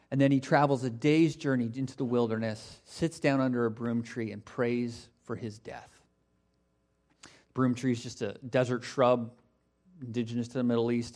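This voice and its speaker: A man preaching a sermon in a conversational way, with casual asides and animated retellings. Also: medium pitch. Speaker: pastor.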